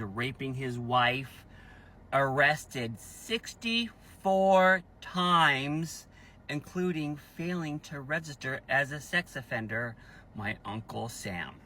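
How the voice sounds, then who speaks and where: Guy talking slow and emphatic in a vlog, bright forceful voice, bit of room hiss. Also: mid-range voice. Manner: slow, emphatic, repeats himself for effect; angry outbursts and voice rising on key points. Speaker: YouTuber telling a family story. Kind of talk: emotional personal vlog storytelling.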